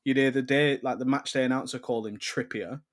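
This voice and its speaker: A man's voice: mid-range voice, a little fast. Ranting man. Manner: animated, swears, rants loudly when riled. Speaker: podcast co-host. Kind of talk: casual banter.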